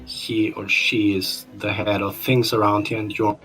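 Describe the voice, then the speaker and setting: A man speaking as his character in a tabletop game, pushy and dryly sarcastic. Soft music plays underneath. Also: fairly low pitch, little pitch movement, measured pace, low-quality recording. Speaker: player.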